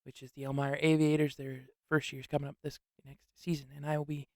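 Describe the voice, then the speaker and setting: Young male sports host, slangy and excitable, slightly high voice, dry booth sound. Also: fast, no room sound. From upstate New York. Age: young adult. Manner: rambling and excitable, heavy slang. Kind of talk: casual solo sports talk.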